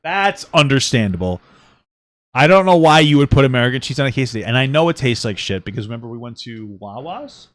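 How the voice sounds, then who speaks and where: Animated sarcastic male podcast co-host. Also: mid-range voice, quick pace, no room sound, clean studio sound. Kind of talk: casual reaction chat.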